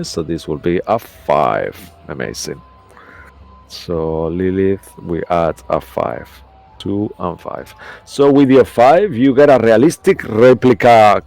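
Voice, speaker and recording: A man's voice: low-pitched, darkish tone. A man running a tabletop game as game master, narrating in a rambling way and searching for words.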